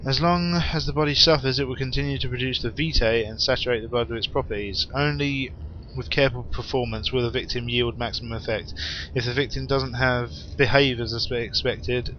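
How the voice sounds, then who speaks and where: A man's voice: medium pitch, fairly even intonation, moderate pace, lo-fi sound, a little hiss or hum. A young man playing a horror game, reading the in-game notes aloud and adding wry, rambling asides. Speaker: let's play gamer.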